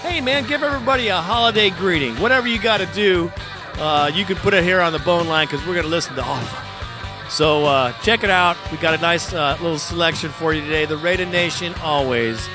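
A man's voice: on the high side, a little fast, over music. A man hosting a sports fan podcast, talking in an emotional, rambling way and laughing often. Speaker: podcast host. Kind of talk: casual fan podcast commentary.

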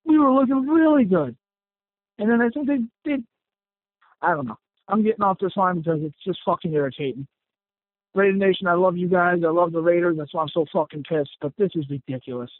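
A man's voice: high-pitched, expressive, quick pace, no room sound. A man calling in to a fan radio show, ranting angrily and swearing heavily about his team's loss. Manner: profane, ranting, heated. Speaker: caller. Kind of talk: angry fan call-in rant. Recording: tinny phone line.

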